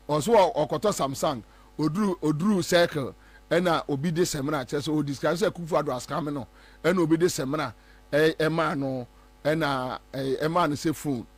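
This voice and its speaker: A Ghanaian man giving animated political commentary, mixing Twi and English and mimicking other people. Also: on the high side, no room sound.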